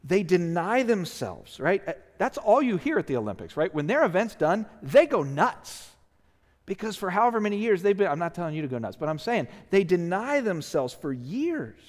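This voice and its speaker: A man's voice: sits high, big pitch swings, fairly quick, few pauses. A male pastor preaching a sermon, earnest and emphatic, tired and often asking "right?". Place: church sanctuary. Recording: long reverb of a church hall.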